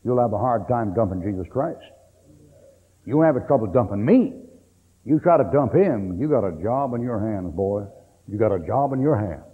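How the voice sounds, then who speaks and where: A man's voice: lowish voice, expressive, normal speed, husky. A middle-aged man preaching a sermon in a blunt, folksy way, cracking jokes as he goes. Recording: old tape, tinny and echoey hall.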